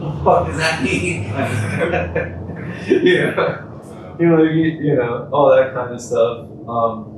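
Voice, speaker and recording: A young man chats loosely as a podcast guest, swearing freely and laughing through his stories. He sounds far from the mic, in a roomy, echoing space, with a steady ambient hum behind him. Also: mid-range voice. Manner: laid-back and profane, laughs often. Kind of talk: casual conversation. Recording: echoey room, voice from far off.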